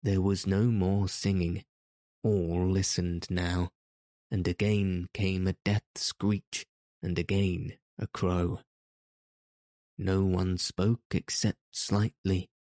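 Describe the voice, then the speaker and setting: A man narrates a story in a deep, dark, mellow voice. He reads slowly and steadily, with very little rise and fall. The sound is close and dry. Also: dry recording. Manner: measured, even storytelling. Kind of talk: audiobook narration.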